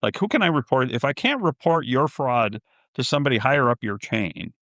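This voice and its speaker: A man's voice: medium pitch, sing-song, a little fast, fairly bright tone, no room sound, studio quality. A middle-aged man on a podcast telling a story, acting out both sides of a phone call and laughing in disbelief. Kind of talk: casual storytelling.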